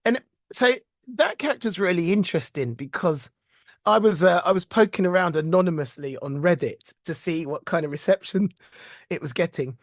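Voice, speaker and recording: Animated British voice actor, dry sound. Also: male voice, high voice, moderate pace, no echo. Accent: British English. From Britain. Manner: animated, self-deprecating storytelling, frequent laughs. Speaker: voice actor guest. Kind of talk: casual interview chat.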